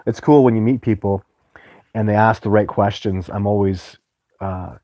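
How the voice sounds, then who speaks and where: A man's voice: on the low side, steady tone, normal speed, dark tone, no echo. A man hosting a live stream, chatting loosely and greeting viewers as he reads their comments. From Canada.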